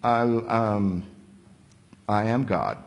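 A male preacher voicing a grave, calm holy man who answers in low, hushed replies during a sermon. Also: drawn-out words, gravelly, big-room sound, heavily acted. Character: calm, quiet male teacher figure, grave. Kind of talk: dramatized scripture paraphrase in a sermon.

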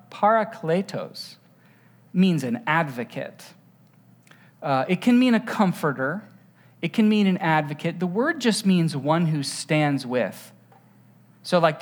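A pastor preaching a conversational sermon, asking the listeners rhetorical questions and telling stories with voiced sound effects. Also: mid-range voice.

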